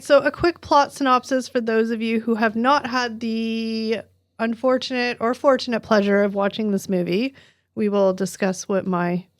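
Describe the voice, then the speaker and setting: A woman's voice: a little high, no room sound, studio quality. A middle-aged woman co-hosting a podcast in a casual, chatty way, laughing often and full of "like" fillers. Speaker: podcast co-host. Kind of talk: casual chat.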